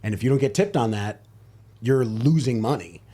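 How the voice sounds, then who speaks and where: A man's voice: medium pitch, normal speed, dark tone. Chatty male comedian guest rambling. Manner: rambling, chatty anecdotes with restarts. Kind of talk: casual chat.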